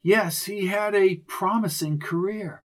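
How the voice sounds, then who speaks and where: A man reading an audiobook, voicing a grieving older society woman who speaks in a shaky, halting way. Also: high voice, voice pushed up. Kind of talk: audiobook character voice.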